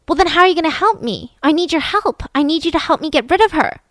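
A woman's voice: high-pitched, animated, fast, a bit bright, no room sound, voice pushed up. A woman voicing a controlling, manipulative father who coaxes and insists. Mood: insistent. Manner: insistent, coaxing, urgent.

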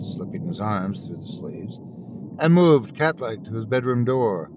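A man narrating a scripted horror story in a slow, dramatic storytelling manner. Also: fairly low pitch, lively intonation, loud music behind the voice.

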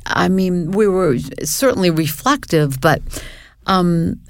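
An older woman, a guest in a casual interview, talking reflectively and haltingly with many restarts. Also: lowish voice, dry recording, studio quality.

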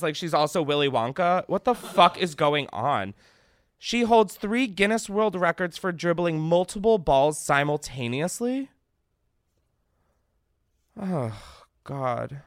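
A man's voice: fairly high pitch, lively intonation, measured pace, fairly bright tone, no room sound. Young male podcast host, rambling self-mocking talk, close dry sound. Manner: rambling, self-deprecating, swearing. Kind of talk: casual comedic monologue.

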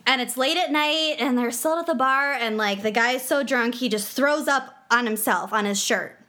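A young woman with a Minnesotan accent, co-hosting a podcast and telling a long joke with lively acted-out voices. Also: fairly high pitch, moderate pace. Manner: animated storyteller, acts out voices in the joke. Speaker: podcast co-host. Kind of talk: casual chat and joke telling.

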